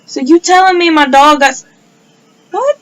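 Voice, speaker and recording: A woman vlogs casually about a personal story, rambling and packing her speech with "like" as filler. Her voice is high and at normal speed, and the audio is poor.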